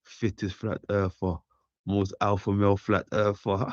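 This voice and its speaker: A man's voice: lowish voice, little pitch movement, a little slow, no echo. A man talking in a casual, laid-back monologue. He often repeats phrases and keeps asking "right?". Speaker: commentator. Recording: dull lo-fi dry sound.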